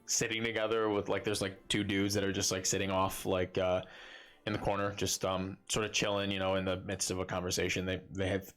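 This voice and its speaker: A man's voice: deep voice, flat delivery, fairly quick, a bit bright, faint music behind. A man narrating a tabletop game as game master in a loose, filler-heavy way.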